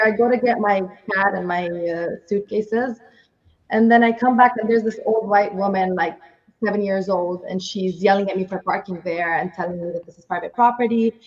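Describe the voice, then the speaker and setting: A woman's voice: mid-range voice, brisk, darkish tone. A woman with a foreign accent, co-hosting a podcast and telling a story in casual chat with laughs. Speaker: podcast co-host. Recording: dull lo-fi sound.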